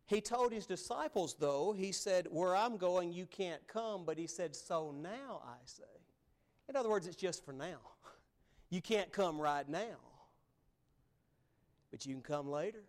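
Emphatic preacher, fairly high voice. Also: male voice. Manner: emphatic, swings between loud and hushed. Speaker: pastor. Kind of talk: sermon. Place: church sanctuary.

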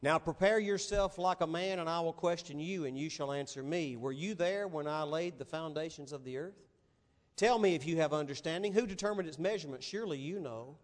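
Preacher putting on God as a lower, slow questioner, stern, in a hall with long reverb. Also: male voice, lightly acted.

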